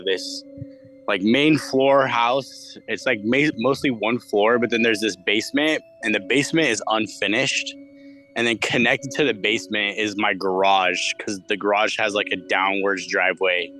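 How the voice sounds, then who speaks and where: A man's voice: lowish voice, moderate pace, bright, forceful tone. A man in his twenties telling a personal spooky story in a rambling, casual way, full of fillers and swearing. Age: 20s. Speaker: guest storyteller. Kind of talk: casual spoken ghost story. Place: studio.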